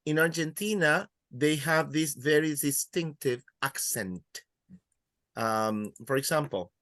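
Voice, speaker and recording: Slow, patient male teacher. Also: medium pitch, fairly bright tone, dry recording. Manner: patient, repeats words slowly for students. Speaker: Spanish teacher. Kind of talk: classroom teaching.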